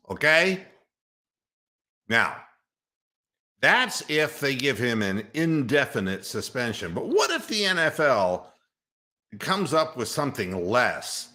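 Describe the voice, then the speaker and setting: A male sports radio host rants in a sarcastic, mocking tone and swears without hesitation. His pitch swings widely up and down, and he takes his time over each point. His voice has a bright, pointed edge. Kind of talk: opinionated sports talk rant.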